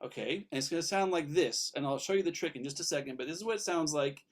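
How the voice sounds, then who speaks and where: A man's voice: fairly high pitch, fast talker. A man teaching an online fiddle lesson, upbeat and encouraging, explaining bowing and counting the class in.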